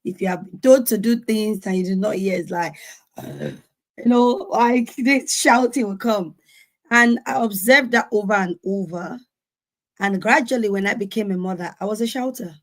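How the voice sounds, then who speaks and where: A woman's voice: medium pitch, moderate pace. An earnest woman in her forties tells a parenting story over a video call. She acts out the voices of others as she goes. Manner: earnest, animated, acts out quotes. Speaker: conference speaker. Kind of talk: sharing personal parenting story.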